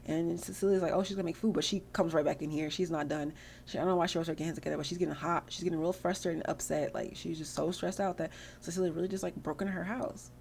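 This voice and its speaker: Chatty woman with a gravelly voice. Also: on the low side, fairly even intonation, fast talker, darkish tone, a little hiss or hum. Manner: rambling and chatty, full of "like". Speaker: gaming channel host. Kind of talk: casual gameplay commentary.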